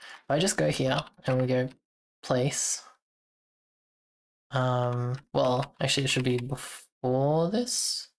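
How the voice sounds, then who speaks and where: A woman with a strikingly low voice chats with her stream while she codes, in an unhurried, drawn-out way. She thinks out loud, trails off and starts over, and chuckles now and then. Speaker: streamer and software developer. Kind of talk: casual live-coding stream chat.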